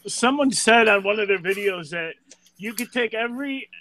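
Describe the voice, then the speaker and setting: A man's voice: high-pitched, animated, moderate pace, bright, forceful tone, rough recording. A man on a casual comic book podcast panel, talking jokily and tripping over repeated words. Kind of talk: casual chat reviewing comics.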